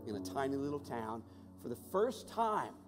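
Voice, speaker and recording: A man preaching a sermon and telling a personal story, swinging between hushed and raised voice with passion. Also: medium pitch, big pitch swings, normal speed. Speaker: pastor. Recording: long hall reverb with music behind.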